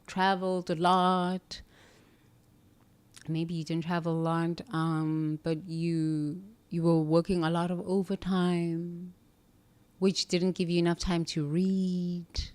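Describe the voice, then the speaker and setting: A woman speaks in an earnest, coaching way in a reflective self-help monologue. She poses questions and answers them herself, steady and sincere. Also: fairly low pitch, slow.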